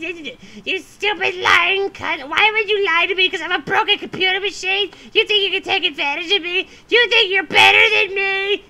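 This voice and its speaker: A man voicing a rude, abusive woman caller on a prank call, ranting and insulting with a screechy, gravelly voice. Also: extremely high pitch, bright, forceful tone, full character voice. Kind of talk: prank call role-play.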